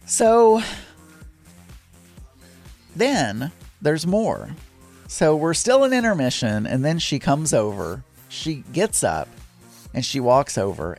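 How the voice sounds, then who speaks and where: Lively chatty man telling a story. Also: on the high side, slow pace, faint music behind. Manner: chatty, rambling, exasperated asides. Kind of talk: casual storytelling monologue.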